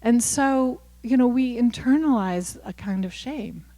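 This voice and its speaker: A woman's voice: a little high, measured pace, mellow. Kentucky woman in a reverberant hall. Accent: Appalachian Kentucky, softened toward neutral. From Kentucky, USA. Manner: candid, chatty, self-deprecating, with many fillers and restarts. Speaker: author giving a talk. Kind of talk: casual talk with audience questions. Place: university lecture hall.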